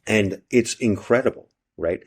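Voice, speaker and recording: A man's voice: lowish voice, measured pace, husky. A male podcast host in casual chat, rambling, swearing a lot and often tagging his lines with "right?".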